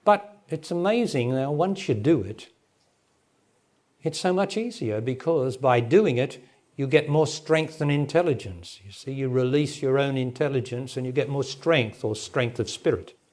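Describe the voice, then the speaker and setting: Captured in a remastered 1998 talk, this sixty-something spiritual teacher speaks straight to a gathering in a meeting hall, answering a question plainly and laughing often. His mid-range voice has lively intonation, a moderate pace, and a slightly mellow quality.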